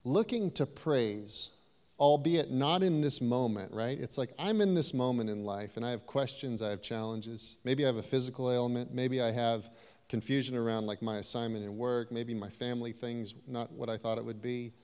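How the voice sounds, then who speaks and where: Male pastor, sermon, conversational, animated, church hall with long reverb, mid-pitched voice. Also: normal speed, clean tone. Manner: conversational, animated preaching with asides to the congregation. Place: church sanctuary.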